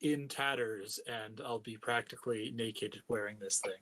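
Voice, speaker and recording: A man's voice: on the low side, steady tone, normal speed, a bit bright. A man playing a tabletop game, chatting in a playful, joking way. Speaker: player.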